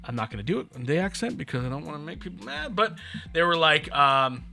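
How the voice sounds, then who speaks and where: A man's voice: fairly high pitch, expressive, fairly quick, creaky, sharp tone, soft background music. A man co-hosting a podcast, telling stories in casual chat with wry asides. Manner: chatty storyteller, wry asides. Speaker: podcast co-host.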